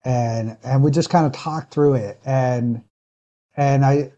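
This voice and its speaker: A man's voice: mid-range voice, takes it slowly, warm tone, lo-fi sound. Earnest male pastor telling a story. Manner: earnest, reflective, with frequent restarts. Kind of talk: casual interview storytelling.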